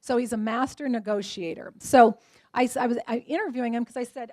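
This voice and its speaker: A woman in her forties giving a keynote talk at a luncheon, telling lively stories and acting out the voices of the people in them. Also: fairly high pitch, brisk, no room sound. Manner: lively storytelling, acts out quoted voices. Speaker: motivational speaker.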